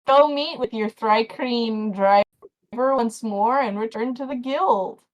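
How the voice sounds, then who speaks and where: Woman narrating a tabletop game, fairly high voice, casual, slightly flustered. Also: slow pace, highs cut off. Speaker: game master.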